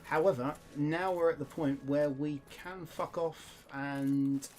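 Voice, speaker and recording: Higher-voiced man playing a game. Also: steady tone, slow pace, a little mellow. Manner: chatty, reacting to the game while playing. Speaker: let's-play co-host. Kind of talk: casual gameplay commentary.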